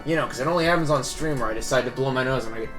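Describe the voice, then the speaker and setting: A man's voice: medium pitch, rapid-fire, music in the background. A young man casually commenting on a game during a live stream, swearing freely and chuckling to himself. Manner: loose, swearing, chuckling asides.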